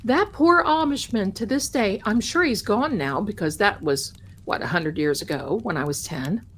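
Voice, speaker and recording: A woman's voice: mid-range voice, lively intonation, moderate pace, slight background noise. A woman hosting a live trivia stream, chatting with viewers and telling a folksy story from her childhood. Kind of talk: casual chat, storytelling to viewers.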